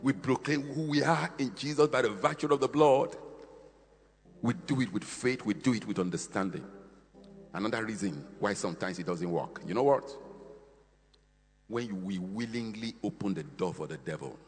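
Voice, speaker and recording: A man preaching a fiery sermon, swinging between shouted, half-sung peaks and quieter, slower stretches. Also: on the low side, long reverb tail.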